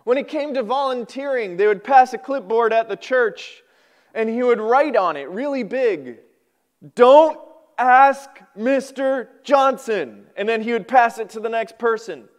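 High-voiced, smooth male pastor. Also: normal speed. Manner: animated, folksy storytelling with pitch swings. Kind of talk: sermon with storytelling. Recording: podcast recording.

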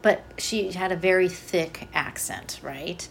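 A woman in her thirties co-hosting a podcast, chatting and telling stories in a gossipy, animated way. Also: lowish voice, slow, vocal fry, slight background noise. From Northern California. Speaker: podcast co-host. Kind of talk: casual chat.

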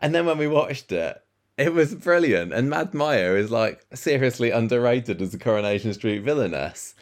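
A man co-hosting a casual chat, rambling and excitable as he recalls old memories. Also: normal speed. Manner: rambling, excitable, pitch jumps up when enthused.

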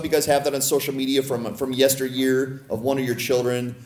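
A man's voice: mid-range voice, steady tone, a little fast, darkish tone. Playful man preaching in echoey church. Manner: playful, teasing humor. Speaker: pastor. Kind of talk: sermon. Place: church sanctuary.

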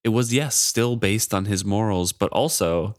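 A man co-hosting a book podcast, talking in a relaxed, thoughtful way. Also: on the low side, a little slow, no echo, clean studio sound. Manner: relaxed, thoughtful, reads passages aloud. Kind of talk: casual chat.

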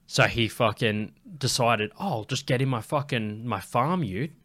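A young man spins a rambling pub story on a podcast, peppering it with swearing and filler. His voice sits at an ordinary middle pitch for a man, relaxed and conversational. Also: normal speed. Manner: loose, swearing, animated storyteller. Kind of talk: casual storytelling chat.

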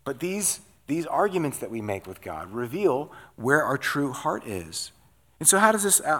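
A medium-pitched pastor preaches a sermon conversationally, frequently checking in with his listeners by asking "right?".

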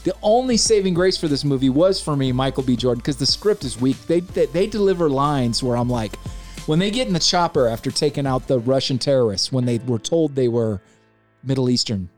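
A man's voice: medium pitch, animated, a little fast, darkish tone, faint music behind. A man co-hosting a casual chat, ranting animatedly and exasperated, often mocking lines in quoted voices. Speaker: podcast co-host reviewing a film.

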